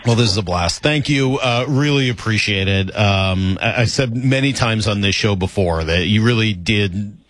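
A man hosting a sports radio show, talking in a chatty, animated, conversational way. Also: lowish voice, moderate pace, few pauses.

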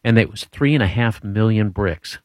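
A man's voice: on the low side, normal speed, no echo, studio quality. A man hosting a casual trivia quiz, chatty and jokey, wandering through his explanations with restarts. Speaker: show host running a trivia quiz. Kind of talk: casual radio-style trivia chat.

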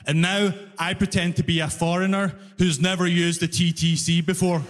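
A Glaswegian man performing stand-up on a big hall stage, acting out both sides of his story. His voice sits fairly high, and the long reverb of the venue trails behind every line. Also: flat delivery, moderate pace. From Scotland. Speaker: stand-up comedian. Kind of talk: stand-up comedy set. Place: large concert hall stage.

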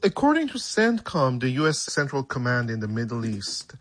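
A male correspondent in a news interview, explaining events in a measured way with some fillers and restarts. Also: mid-range voice, wildly swooping pitch, fairly bright tone.

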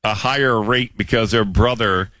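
A middle-aged man co-hosting a sports radio show, teasing his co-host and stumbling over repeated words when excited. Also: on the low side, moderate pace, no echo, studio quality. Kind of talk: casual sports talk radio banter.

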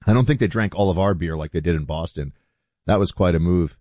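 Male show host, chatty commentary, low pitch, dry studio sound. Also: quick pace, dry recording. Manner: animated, conversational, chatty asides. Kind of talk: opinion talk show commentary.

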